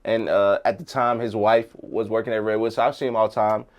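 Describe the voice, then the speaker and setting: A man's voice: on the low side, little pitch movement. A middle-aged man, a veteran firefighter joking and reacting in a casual podcast chat. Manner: jokey, quick reactions, laughs a lot.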